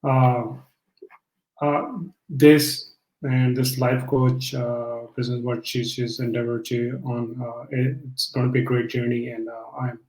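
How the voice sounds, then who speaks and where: A man's voice: medium pitch, little pitch movement, unhurried, a little mellow, echoey room, rough recording. A man being interviewed by his wife on a live stream, joking at first and then speaking earnestly, with many fillers. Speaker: guest, the host's husband. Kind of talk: casual live-stream chat.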